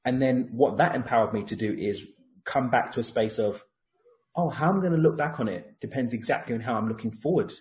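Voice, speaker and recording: A man's voice: mid-range voice, brisk, a little mellow, poor audio. A man in casual conversation, talking earnestly about a personal insight and acting out his own inner thoughts. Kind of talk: reflective casual chat.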